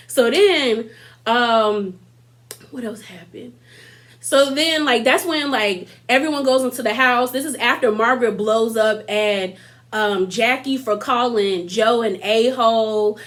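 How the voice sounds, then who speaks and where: Woman in her twenties, slightly high voice, casual slangy recap, talks to viewers, mimics cast lines. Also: a little slow, a bit bright. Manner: acts out cast members' lines in mocking voices. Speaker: reality TV recap YouTuber. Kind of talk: casual episode recap commentary.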